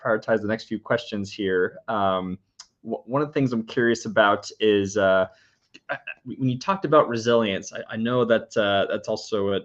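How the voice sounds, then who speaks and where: Low-voiced podcast host on muffled audio. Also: male voice. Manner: friendly, stammering restarts, quick laughs. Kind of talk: casual interview.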